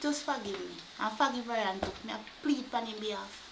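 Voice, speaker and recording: A woman's voice: on the high side, fairly quick, vocal fry, noisy background. A woman with a Jamaican accent playing a remorseful young woman who confesses a deception and begs forgiveness. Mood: pleading. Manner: pleading, apologetic. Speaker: actor in a film. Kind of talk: low-budget film acting.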